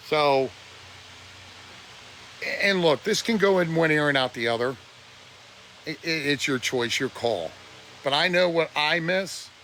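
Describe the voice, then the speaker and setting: A livestreamer delivers an emotional rant, lecturing his viewers bluntly and preachily while sounding close to tears, his voice breaking. His voice sits a little high with a fairly bright tone and swoops up and down. Faint noise hums under the phone mic.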